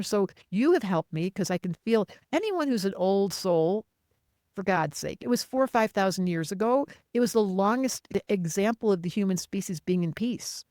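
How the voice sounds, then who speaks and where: A woman astrologer talking as a guest in a casual interview, animated and emphatic, speaking in quick bursts. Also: medium pitch, dry recording, studio quality.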